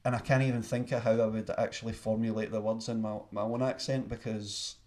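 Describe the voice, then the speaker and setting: A man's voice: fairly low pitch, flat delivery, fairly quick, a little mellow. A man with a Glaswegian accent, a singer-songwriter chatting casually between songs, rambling and self-deprecating. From Scotland. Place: home studio. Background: acoustic guitar.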